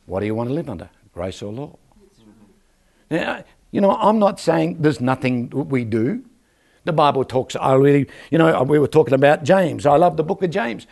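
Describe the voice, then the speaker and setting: An older man preaching a lively church sermon, joking and calling out for amens from the congregation. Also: fairly high pitch, normal speed, creaky. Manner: animated, joking, calls for amens from the crowd. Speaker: guest preacher. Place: church service.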